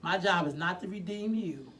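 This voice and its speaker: A woman's voice: on the low side, moderate pace, a bit bright. A woman hosting a casual chat show with co-hosts. She talks bluntly, curses freely and laughs often. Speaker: show host.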